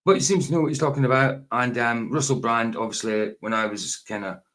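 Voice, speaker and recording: A man's voice: mid-range voice, steady tone, a little fast, a bit bright. A man in his forties, hosting a casual late-night reaction video in a rambling, self-correcting, chatty way. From Scotland. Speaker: YouTube reaction host.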